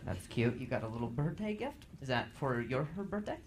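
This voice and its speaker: A man's voice: mid-range voice, sing-song, brisk. A man doing stand-up crowd work on a club stage, stammering as he teases the audience. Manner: stammering, playful teasing of audience members. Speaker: stand-up comedian. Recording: live club with loud crowd and noise.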